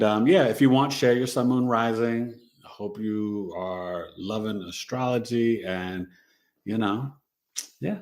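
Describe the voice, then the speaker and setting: A middle-aged man hosting a casual astrology livestream, chatty and playful, reading viewers' charts and dropping in Spanish words. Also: lowish voice.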